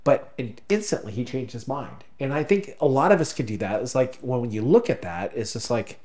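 A man co-hosting a podcast, telling a story in halting, emotional casual talk, choked up at times. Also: mid-range voice, animated, darkish tone. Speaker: podcast co-host. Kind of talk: casual conversation.

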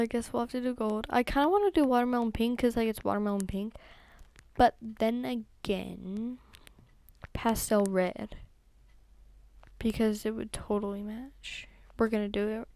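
Slow-talking young woman narrating gameplay. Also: a little high, a little mellow. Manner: chatty, talks to herself and her game horses, lots of ums and whispered asides. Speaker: gaming YouTuber. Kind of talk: casual gameplay commentary.

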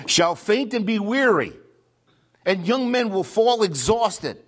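A man preaching a sermon, reading scripture aloud and swinging between loud emphatic declaration and hushed, near-whispered asides. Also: high-pitched, very animated, moderate pace.

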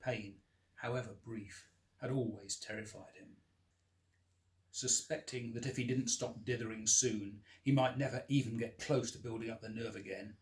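A man reading aloud from his own novel in a measured, expressive narration with dramatic emphasis. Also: lowish voice. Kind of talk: audiobook-style scripted narration.

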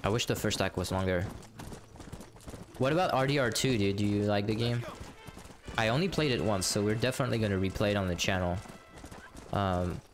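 A man's voice: fairly low pitch, fairly quick, long pauses, slight background noise. A man casually commenting while he plays a game live, chatty and profane, answering his viewers as he goes. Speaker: game streamer. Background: game music and horse hooves.

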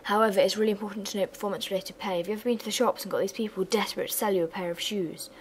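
A young woman talks through exam revision notes in a chatty, self-deprecating way. Her voice sits at a middling pitch. A faint noise runs under the recording. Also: steady tone, very fast, rough recording. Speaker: revision tutor. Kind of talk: economics revision lesson.

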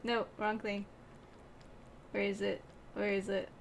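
A woman's voice: medium pitch, flat delivery, takes it slowly, creaky, a little hiss or hum. A young woman streaming a game, chatting playfully with teammates and chat and often breaking into giggles. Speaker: gaming streamer. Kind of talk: casual gameplay commentary.

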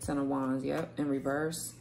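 A woman's voice: rumbling low, flat delivery, moderate pace, creaky, heavy background noise. A woman reading tarot cards to camera in a loose, rambling way, repeating words and swearing casually. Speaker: tarot reader. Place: home room, kids heard playing outside.

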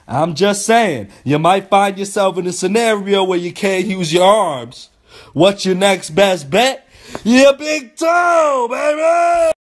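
A young man casually telling a comic story, animated and profane, breaking into sudden shouts. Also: a little high, no echo. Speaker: comedic storyteller.

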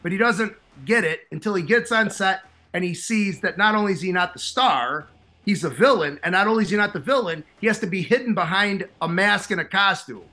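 A man with a thick Chicago accent, co-hosting a casual movie chat and telling a film story in a jokey, animated way. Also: sits high, brisk. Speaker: co-host.

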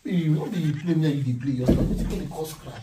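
A man's voice: a little high, quick pace, echoey room, distant mic, heavy background noise. A Nigerian man in a casual home vlog, pleadingly asking his wife the same worried questions again and again. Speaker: husband in a prank video.

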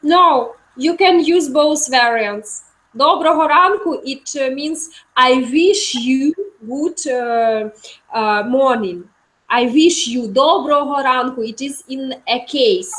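Woman, high voice, co-teacher, explains grammar with pauses. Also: a bit bright. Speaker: language teacher. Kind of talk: online language lesson.

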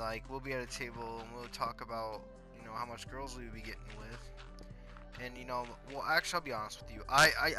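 A teenage boy telling crude stories in casual, rambling talk full of fillers and swearing, over faint music. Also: mid-range voice. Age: teens. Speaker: storyteller.

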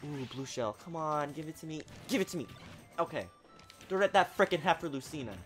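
A man giving excitable live commentary while playing a video game, talking at the screen and swinging from low mutters to sudden shouts. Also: fairly quick, soft background music. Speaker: gaming channel host.

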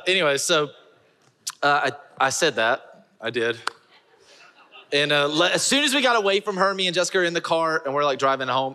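A man preaching a sermon as pastor, telling a funny personal story with lively, self-mocking delivery. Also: medium pitch, quick pace, long reverb tail. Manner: animated storyteller, laughing at himself. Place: large church auditorium.

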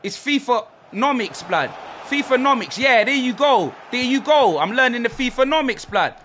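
Excitable young man ranting at a game. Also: extremely high pitch, moderate pace, a little hiss or hum. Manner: excitable, slangy, shouting at the game. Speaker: gaming streamer. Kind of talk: live game commentary.

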